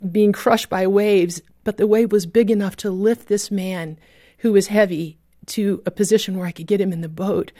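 A woman tells a personal story as an earnest testimony, her voice sitting at an ordinary middle pitch. The sound is dry and close, with no room around it. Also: dry recording. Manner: earnest storytelling with vivid reenacted shouts. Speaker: guest telling a personal story. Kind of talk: emotional testimony.

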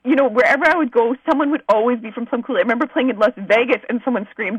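A woman's voice: on the high side, rapid-fire, hardly any pauses, husky, dry recording, poor audio. A woman from Manitoba, Canada, a musician guest, telling stories in an effusive, chatty way. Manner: effusive, bubbly storytelling. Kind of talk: casual interview chat.

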